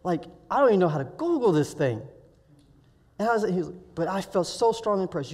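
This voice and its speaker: A man's voice: high-pitched, fairly quick, husky. Man telling a story in a sermon, echoing hall. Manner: animated, acts out dialogue in his story. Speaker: week of prayer speaker. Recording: reverberant hall.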